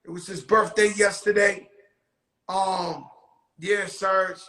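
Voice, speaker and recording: Loud, bright-voiced rowdy man host. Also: high voice, fairly even intonation, takes it slowly, echoey room, poor audio. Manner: rowdy, profane storytelling with shouted bursts. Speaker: show host. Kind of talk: casual chat.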